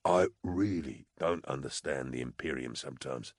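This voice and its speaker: A man voicing a calm condemned male prisoner who speaks in a placid, reasoned, quietly detached way. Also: rumbling low, normal speed, dry recording, clean studio sound, voice pushed down.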